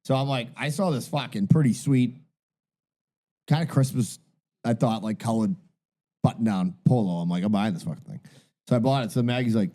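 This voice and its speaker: A man's voice: mid-range voice, moderate pace, pauses often, dark tone. A man co-hosting a podcast, telling stories in a rambling, foul-mouthed, self-mocking way. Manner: rambling, swears constantly, self-mocking bravado. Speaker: podcast co-host. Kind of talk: casual crude banter.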